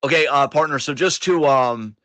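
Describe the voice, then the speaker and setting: A man co-hosting a live wrestling reaction show, talking in a loose, animated, profane way and rambling through his thoughts. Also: medium pitch, normal speed. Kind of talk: casual live commentary chat.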